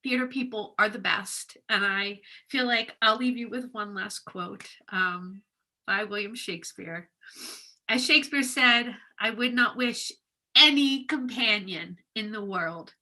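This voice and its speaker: A woman's voice: medium pitch, rough recording. Choked-up woman giving a heartfelt award speech. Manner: heartfelt, pausing with soft laughs. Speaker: educator receiving an award. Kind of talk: emotional acceptance speech.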